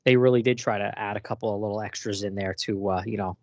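A man with a fairly low voice hosts a comics podcast, talking fast in relaxed, casual chat. He rambles, uses many fillers, and laughs easily and often. The audio is dull with no echo.

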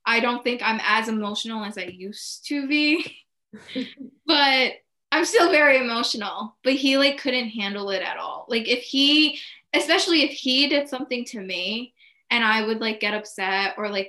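A young woman with a fairly high, bright voice tells a personal story in casual chat. She talks candidly in short bursts and leans on "like" again and again. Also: unhurried. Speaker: podcast co-host.

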